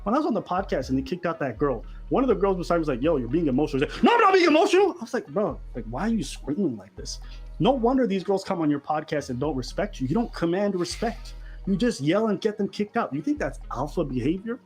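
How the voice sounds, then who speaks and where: A man's voice: high-pitched, sing-song, fast, darkish tone, slightly rough, soft background music. A man giving blunt, mocking commentary full of crude slang, reacting heatedly to a video.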